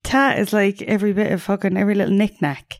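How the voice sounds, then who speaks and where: A woman's voice: mid-range voice, fairly even intonation, fast talker. A young Irish woman co-hosting a podcast, chatting casually and bluntly, swearing freely and laughing often. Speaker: podcast co-host. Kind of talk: casual chat.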